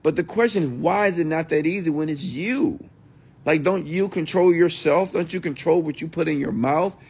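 Gravelly, profane motivational ranter, man. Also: fairly high pitch, normal speed, a little mellow. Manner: blunt, profane, mocks whiny voices. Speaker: entrepreneur and mentor hosting a livestream. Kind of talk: late-night motivational rant.

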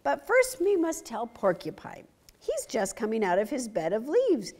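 A woman voicing a worried flock of little birds in a storybook read-aloud, speaking in a hurried, fretful way. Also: on the high side, huge pitch swings, darkish tone.

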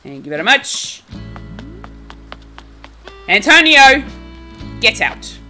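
A woman's voice: a little high, sing-song, slow, sharp tone. A woman chatting casually and giggling often while live-streaming a game and answering her chat. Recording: faint game music behind.

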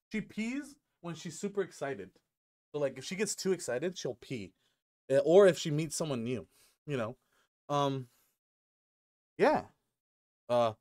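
A man's voice: medium pitch, darkish tone. A young man chatting to camera at home in a rambling, joking way, swearing freely and filling gaps with ums. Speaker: gaming YouTuber. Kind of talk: casual rambling vlog to camera. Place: at home with his dog. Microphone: headset.

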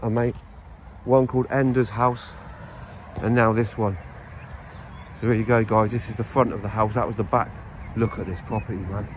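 Urban explorer vlogger, English man, lowish voice, enthusiastic and sweary, faint ambience. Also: moderate pace, background noise. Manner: excitable, swears, keeps addressing viewers. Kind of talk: casual vlog narration. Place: abandoned house, indoors then grounds.

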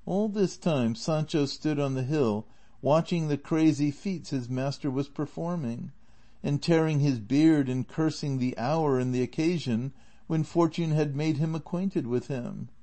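A man narrating a classic novel as an audiobook in a steady, measured way. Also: a little high.

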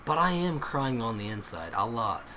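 A man recording himself at home while he plays a computer game, excitable, exclaiming often and swearing freely. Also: medium pitch, moderate pace, a little hiss or hum. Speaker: gamer recording his play. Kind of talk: casual gameplay vlog.

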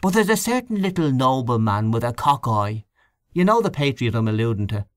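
A man's voice: mid-range voice, sing-song, a little fast, no echo, close to an everyday voice. A man voicing a grumbling, gossipy middle-aged canvasser in a storybook reading, scornful and snuffling, with a conspiratorial manner.

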